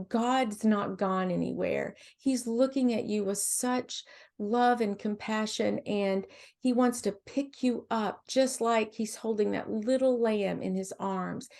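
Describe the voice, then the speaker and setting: A woman guest on a faith podcast, talking in a gentle, encouraging way with frequent restarts. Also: medium pitch, gravelly. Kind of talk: faith-based podcast conversation.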